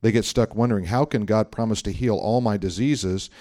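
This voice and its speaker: A low-pitched man preaching, telling a story and jumping into the voices of its people. He reads aloud from a book in between, and the sound is dry and close. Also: a little fast, dry recording. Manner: animated storyteller, acting out dialogue, reading aloud from a book. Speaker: pastor. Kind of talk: sermon with storytelling.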